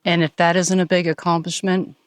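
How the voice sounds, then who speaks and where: Calm, encouraging woman hiker. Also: lowish voice, a little fast, no room sound, clean studio sound. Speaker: hiking companion. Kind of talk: casual trail vlog. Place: outdoors on a mountain summit.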